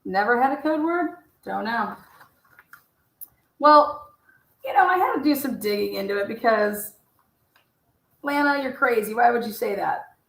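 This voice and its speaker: A woman's voice: on the high side, lively intonation, unhurried, gravelly, pauses often, a bit bright. A woman giving casual, blunt and profane commentary while reading out messages, often talking back to herself. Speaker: true-crime commentator. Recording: roomy echo.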